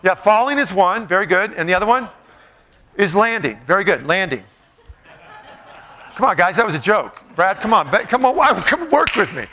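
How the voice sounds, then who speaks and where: Middle-aged male motivational speaker, high bright voice, playful and joking with a live crowd. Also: big pitch swings, normal speed, long pauses. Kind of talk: live talk to an audience.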